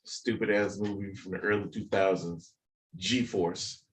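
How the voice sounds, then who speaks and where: A male co-host of middle pitch who rambles through complaints about movies and cartoons and laughs often. He sits back from the mic, and the room gives his voice a roomy echo. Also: steady tone, unhurried, recorded from a distance. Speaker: podcast co-host. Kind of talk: casual chat.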